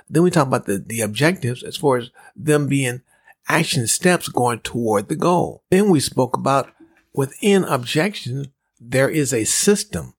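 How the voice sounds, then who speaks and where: Male podcast host, dry close sound, slow and repetitive sales coaching. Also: mid-range voice, slightly rough, no echo. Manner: measured, repetitive, acts out dialogue in his story. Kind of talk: motivational talk with a personal story.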